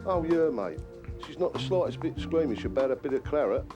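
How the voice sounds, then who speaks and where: A man's voice: fairly high pitch, animated, fairly quick, close to an everyday voice. An actor playing a sly male gangster, taunting his partner in a video game. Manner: taunting, matter-of-fact. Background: game soundtrack music.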